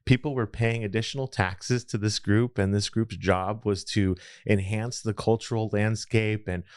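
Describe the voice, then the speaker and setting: A man's voice: fairly low pitch, steady tone, moderate pace, darkish tone, clean tone, dry recording, clean studio sound. A man, telling his story as a podcast guest in a reflective, rambling way. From Los Angeles area. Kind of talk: casual interview storytelling.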